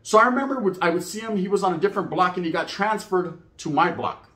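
A man's voice: high-pitched, lively intonation, quick pace, fairly bright tone, roomy sound. A man telling prison stories in a casual, profane, slang-heavy monologue, laughing at his own tales. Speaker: storyteller recounting prison life.

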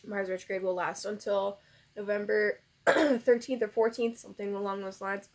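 A woman's voice: medium pitch, steady tone, normal speed, a little hiss or hum. A woman tarot reader in a casual vlog, emotional and teary, sighing and laughing as she rambles gratefully. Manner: soft, rambling, many fillers. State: tearful.

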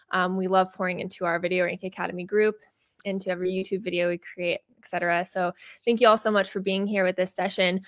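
A woman's voice: medium pitch, fairly bright tone, dry recording, studio quality. Bubbly woman reading out chat comments. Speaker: livestream co-host. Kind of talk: casual livestream chat.

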